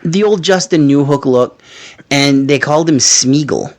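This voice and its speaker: A man hosting a podcast in casual chat, telling stories in an animated way and swearing freely. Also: on the high side, a little slow. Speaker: podcast host.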